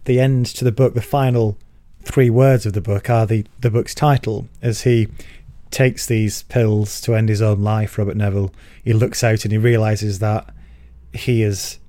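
A man's voice: on the low side, warm tone, dry recording. Hesitant, dry-sounding man. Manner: thoughtful, hesitant, repeats words while explaining. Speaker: podcast co-host. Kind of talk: casual book-club chat.

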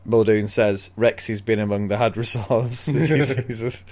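Male co-host, low-pitched, easygoing narrator of plot with frequent laughter. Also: steady tone, normal speed, darkish tone. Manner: laid-back storytelling with frequent laughs. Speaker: podcast co-host. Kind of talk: casual chat retelling a book.

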